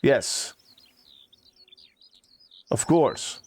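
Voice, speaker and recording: A man's voice: very slow, darkish tone. A man voicing a pompous male court steward, theatrical and overwrought, who dotes on his pet bird. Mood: gushing. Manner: theatrical, swings from gushing to sobbing to sneering.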